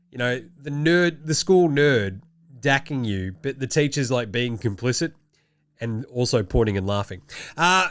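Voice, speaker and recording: A man's voice: mid-range voice, gravelly, fairly bright tone. A young Australian man hosting a basketball show, giving casual, jokey commentary and swearing freely.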